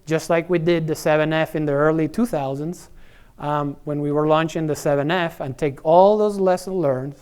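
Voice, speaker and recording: A man's voice: on the high side, fairly even intonation, normal speed, darkish tone, clean tone. A middle-aged man giving a conference presentation in a conversational way, with many fillers, repeated words and tag questions. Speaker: energy services executive presenting.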